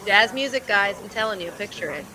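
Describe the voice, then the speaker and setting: A woman's voice: medium pitch, expressive, brisk, a crowd in the background, poor audio. A woman chatting enthusiastically in a casual group ride commentary, with lots of "like".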